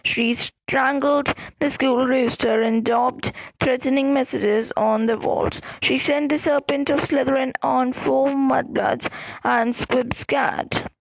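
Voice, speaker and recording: Woman reading as a manipulative young male wizard, calm, soft, menacing, storybook, bright high voice, dry recording. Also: slow, creaky, no room sound, exaggerated voice, low-quality recording.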